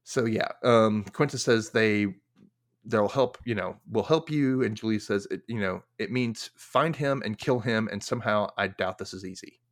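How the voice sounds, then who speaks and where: A man's voice: lowish voice, normal speed. A man hosting a podcast, recapping a TV episode in casual chat, full of fillers, who acts out the characters' lines. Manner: chatty, many fillers, acts out quotes. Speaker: podcast host.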